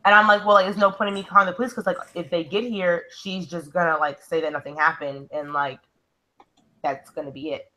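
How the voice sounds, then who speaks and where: Young female co-host, bright tone, rambling storyteller full of "like". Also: on the low side, steady tone, brisk, poor audio. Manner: says "like" constantly, storytelling. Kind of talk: casual chat.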